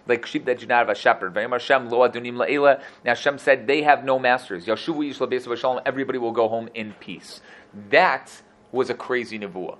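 A man teaching a Bible chapter verse by verse, mixing Hebrew terms into casual English and acting out the quotes. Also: medium pitch. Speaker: Torah teacher. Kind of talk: explaining a Bible text verse by verse.

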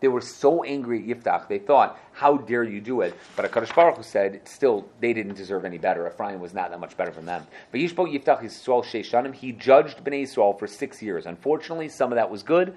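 A man leads a lively scripture lesson, reading each verse and then translating it. He throws himself into the quoted lines and often corrects himself mid-sentence. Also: lowish voice, slight background noise. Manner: self-correcting, quick asides. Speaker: Torah teacher. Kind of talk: lively Bible class teaching.

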